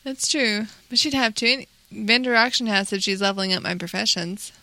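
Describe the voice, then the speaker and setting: A woman's voice: mid-range voice, fairly quick, sharp tone, no room sound. A woman co-hosting a casual gaming podcast, playful and teasing, often giggling. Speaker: podcast co-host.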